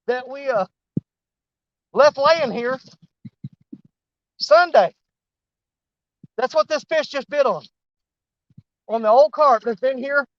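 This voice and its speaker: A man narrating a fishing trip on a snowy riverbank in a folksy, excitable way, talking straight to his viewers. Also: extremely high pitch, no room sound, dull audio. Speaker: fishing vlogger. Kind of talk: casual outdoor commentary.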